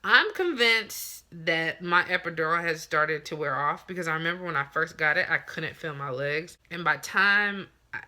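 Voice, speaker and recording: This low-pitched young woman talks at normal speed as she casually recounts a personal story on her vlog, animated and voicing the lines of others in it.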